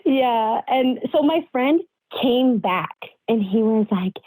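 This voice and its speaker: A woman's voice: fairly high pitch, fairly even intonation, mellow, no room sound, rough recording. A young adult woman calling in to tell a story, giggling and restarting often. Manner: giggly, halting, lots of restarts. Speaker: caller. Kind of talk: casual storytelling on a call.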